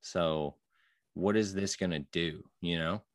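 A man with a fairly low voice talks through a show in casual, excitable fan chatter. He rambles, restarts his sentences and acts out his own reactions as he goes. The sound is close and dry. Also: takes it slowly, no echo. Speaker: podcast co-host.

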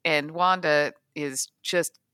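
A woman co-hosting a casual podcast chat, plain-spoken and relaxed, often answering briefly. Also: low-pitched, takes it slowly, clean tone, dry recording, studio quality. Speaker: podcast co-host.

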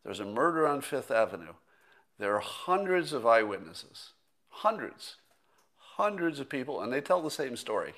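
A man's voice: mid-range voice, big pitch swings, moderate pace, a bit bright. A middle-aged man hosting a casual solo commentary stream, rambling and thinking aloud with fillers and restarts, sometimes sarcastic. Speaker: host.

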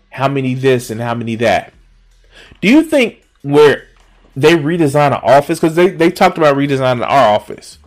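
High-voiced guy ranting sarcastically, swears a lot, jumps between mutters and yelling, music faint under it. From Chicago area. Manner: sarcastic, profane, swings from mutters to outbursts. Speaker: streamer reacting to a video. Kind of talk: ranting reaction commentary.

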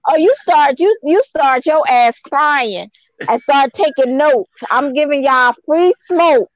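A woman in a casual panel chat, quick and mocking, acting out what others say. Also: high voice, dry recording, muffled recording.

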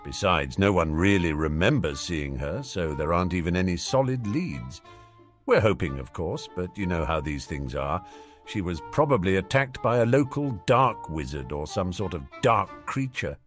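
A man's voice: sits low, animated, normal speed, faint music behind. Brief: man reading as a stiff, impatient senior official, formal and curt, storybook reading. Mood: stern. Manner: clipped, sternly formal. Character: stern, disdainful senior ministry official, man.

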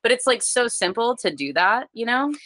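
A woman's voice: on the high side, big pitch swings, normal speed, a bit bright, no room sound. A young adult woman chatting candidly on a podcast, swearing freely and leaning on "like". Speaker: podcast guest or co-host. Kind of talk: casual chat.

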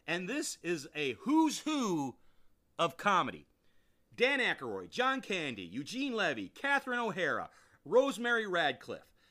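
A man's voice: high-pitched, wildly swooping pitch, measured pace, sharp tone. A man hosting a podcast, giving an enthusiastic, rambling review and repeating phrases for emphasis. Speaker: podcast host. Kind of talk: casual review monologue.

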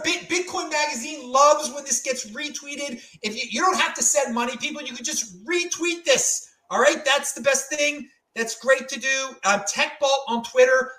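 A male host of a live-stream panel talk show, loud, excitable and given to ranting. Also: extremely high pitch, far from the mic. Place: home studio in Salt Lake City. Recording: roomy echo.

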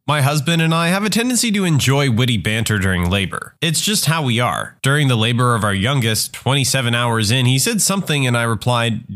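A man narrating a string of short reader-submitted stories, jumping up in pitch to quote other people. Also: brisk, hardly any pauses. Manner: animated, jumps to a higher pitch when quoting others. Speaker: narrator reading online comments.

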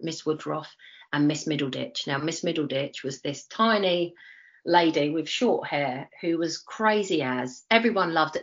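A woman, telling her life story as an interview guest, animated and acting out quoted voices. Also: low-pitched, highs cut off. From East London, England. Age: 40s. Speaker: interview guest, former Olympic athlete.

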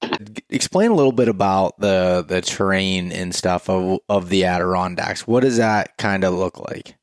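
A man hosting a casual interview, asking halting questions with many fillers. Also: sits low, no room sound, studio quality. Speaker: podcast host.

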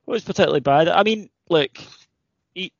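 A man's voice: sits high, brisk, creaky, dry recording, lo-fi sound. A man co-hosting a casual podcast chat, telling rambling, sweary stories. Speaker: podcast co-host.

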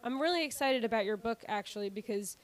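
A woman's voice: a little high, animated, fast. A woman co-hosting a podcast, chatting casually with many fillers and frequent laughs. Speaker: podcast co-host. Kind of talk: casual chat.

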